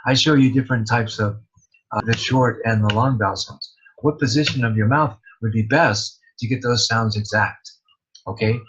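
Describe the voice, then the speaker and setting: A man's voice: medium pitch, normal speed, noisy background. A man, an English pronunciation teacher, promoting his course in a plain-spoken, step-by-step way. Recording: dull lo-fi recording.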